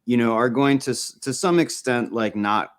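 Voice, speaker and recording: A man's voice: medium pitch, normal speed, smooth. A man in a casual political discussion, building long, thoughtful arguments. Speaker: podcast guest.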